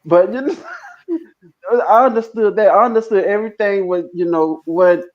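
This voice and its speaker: A man's voice: high voice, normal speed, highs cut off. A man co-hosting a casual livestream chat, rambling and repeating himself with laughs.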